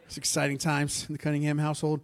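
A fairly high-voiced man preaches as if chatting with friends. He tells a personal story in a lively, conversational way, throwing asides to the congregation. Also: quick pace. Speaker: pastor. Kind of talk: sermon storytelling.

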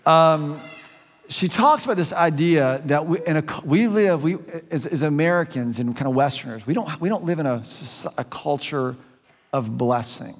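A middle-aged man preaching a sermon as a pastor, earnest and conversational, slowing down and speeding up for emphasis. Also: a little high, lively intonation, long reverb tail. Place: church sanctuary.

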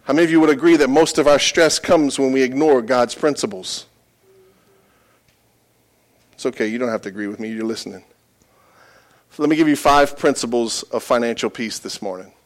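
A middle-aged male pastor preaching a sermon in a church, with call-and-response lines that build to loud, emphatic peaks. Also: mid-range voice, normal speed, long pauses.

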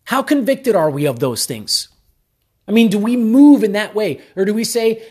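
A man's voice: sits high, animated, unhurried, a little mellow. A man talking casually and earnestly to his viewers, drawing a motivational point and asking rhetorical questions. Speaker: vlogger. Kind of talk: casual motivational talk to camera.

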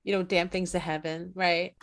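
A woman's voice: fairly low pitch, normal speed. A woman co-hosting a podcast in casual chat, swearing freely and acting out quoted lines. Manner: profane, animated, acts out quoted lines. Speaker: podcast co-host.

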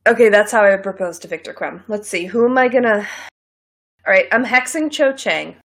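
A woman's voice: medium pitch, normal speed, fairly bright tone. A woman co-hosting a comedy podcast in casual chat, giggling often as she talks. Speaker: podcast co-host.

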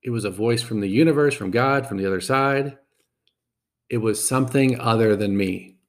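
This podcast host has a mid-range voice. He tells a personal story reflectively, halting as he goes and frequently repeating words.

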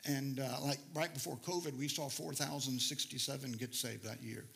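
A middle-aged man, a missionary preacher telling stories in an animated sermon, often laughing. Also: medium pitch, moderate pace, vocal fry. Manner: animated, laughing, rises to near-shouting in stories. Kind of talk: sermon storytelling.

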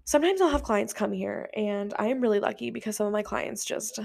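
A woman's voice: medium pitch, a little fast, creaky, darkish tone. A woman hosting a casual podcast as a lash tech, ranting her opinions emphatically with many fillers and restarts.

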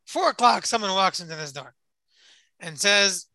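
Guy giving a torah class, keeps repeating words, super bright sharp voice, dry close sound. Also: high-pitched, expressive, dry recording, poor audio. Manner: halting, repeats words often. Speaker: Torah teacher. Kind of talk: storytelling lesson.

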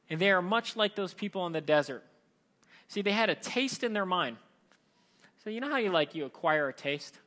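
A man preaching a sermon in a conversational, lively way, often slipping into mimicked voices. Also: high-pitched, moderate pace.

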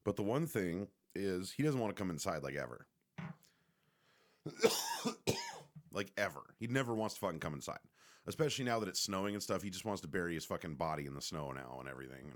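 A man's voice: low-pitched, expressive, a little fast, pauses often. A man casually telling a rambling, profane, joking story to the camera.

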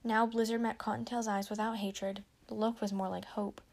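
A woman reading a storybook aloud with steady narration. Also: mid-range voice, normal speed, vocal fry. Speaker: reader.

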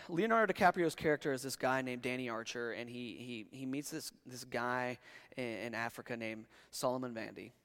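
Man preaching in a reverberant hall. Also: mid-range voice. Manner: conversational preaching with frequent restarts, swelling to emphatic peaks. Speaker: pastor. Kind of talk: sermon.

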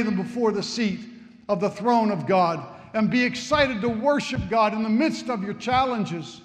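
A man preaching a sermon, telling a story dramatically and swinging between hushed and fervent delivery. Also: high voice, normal speed. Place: church sanctuary. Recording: long reverb of a large church.

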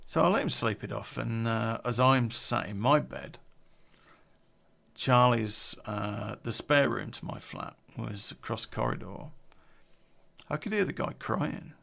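Bloke rambling through a story over beer, gravelly rough voice, swears a lot, unedited podcast. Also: male voice, mid-range voice, a little slow, fairly bright tone. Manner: blunt, sweary and rambling, drinking beer while talking. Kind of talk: unscripted personal storytelling.

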